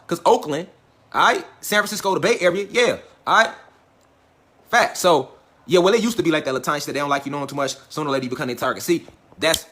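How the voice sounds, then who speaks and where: Man, casual livestream lecture, fairly high voice, swears a lot, emphatic, quizzes the viewers. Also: pushed and bright. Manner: profane, emphatic, repeats "facts" and "all right"; talks directly to viewers, asks them questions. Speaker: online lecture host.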